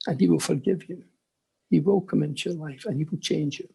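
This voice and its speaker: An older man shares his personal testimony at a conference. His voice is rough and gravelly, strongly husky, and sits a little higher than most men's. He tells it earnestly, dropping into hushed asides. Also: a little fast. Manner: earnest storytelling with quiet asides. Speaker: conference speaker.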